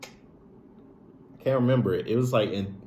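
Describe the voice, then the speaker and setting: A man of medium pitch speaks unhurriedly in a darkish tone, with some background noise. He relates a painful story from his own life in a casual, cursing, emotional way, full of fillers like "like" and lots of "bro."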